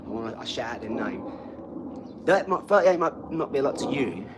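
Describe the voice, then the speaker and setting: A man's voice: mid-range voice, sing-song, fairly quick, background noise. A man, chatting casually on a live stream and bantering with a troll in his comments.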